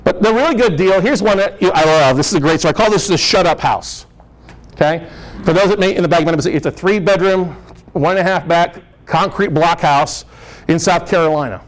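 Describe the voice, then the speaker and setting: A man speaking to a real estate investor group, telling stories in an animated, joking way and laughing often. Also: high-pitched, a little fast, poor audio. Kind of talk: storytelling presentation.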